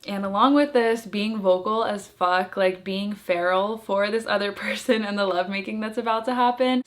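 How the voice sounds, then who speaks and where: Young woman, casual vlog host, candid and chatty, middle-pitched voice. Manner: chatty and frank, laughs lightly. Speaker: video creator giving intimacy tips.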